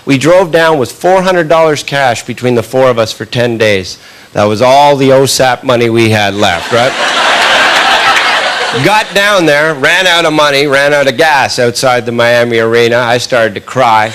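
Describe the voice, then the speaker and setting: A man doing stand-up comedy, telling a long story in a punchy, animated way and often tagging lines with a quick question. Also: medium pitch. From Canada. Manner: animated, punchy delivery with frequent tag questions. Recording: live recording with audible background noise.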